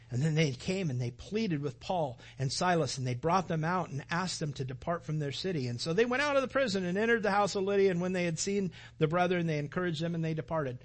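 A man preaching a sermon, retelling a scripture story in a lively way and acting out the dialogue. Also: sits high, husky. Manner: animated, acts out the story's dialogue. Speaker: pastor.

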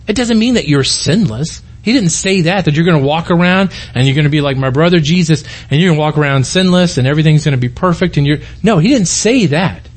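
A man's voice: a little high, a little mellow. A middle-aged man, a pastor, preaching a sermon in an earnest, conversational way, often restarting his sentences.

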